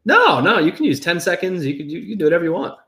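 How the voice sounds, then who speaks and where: A man hosting a livestream panel show, talking in a quick, jokey, upbeat way. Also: fairly high pitch. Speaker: host.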